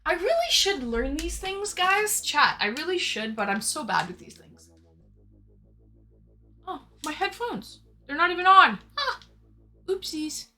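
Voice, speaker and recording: Bright, high-voiced chatty woman streamer. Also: big pitch swings, unhurried, pauses often. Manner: chatty, greets viewers by name, laughs a lot. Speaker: live streamer. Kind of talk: casual live-stream chat with viewers. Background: faint background music.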